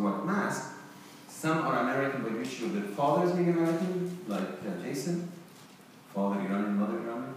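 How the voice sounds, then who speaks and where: A middle-aged man from Iran with a Persian accent, giving an emphatic academic conference talk, often pausing on "uh". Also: mid-range voice. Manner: emphatic, hesitant with frequent uh fillers. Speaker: conference panelist. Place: large conference hall. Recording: echoey hall, distant mic, faint noise.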